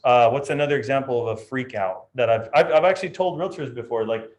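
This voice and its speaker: A man leading a live real estate training session, talking in a lively way and acting out client voices. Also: mid-range voice, quick pace.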